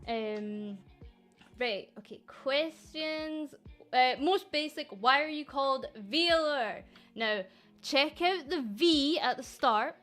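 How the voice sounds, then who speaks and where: A high-pitched, bright woman from Scotland talks casually on stream about the VTuber agency she runs. She is sarcastic and animated and swears freely. Faint background music plays under her voice. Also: takes it slowly.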